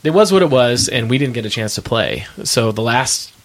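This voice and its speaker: A man telling tour stories in a casual interview, animated, with frequent restarts. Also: mid-range voice, moderate pace. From Midwest United States. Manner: animated storyteller, many restarts. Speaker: touring musician guest.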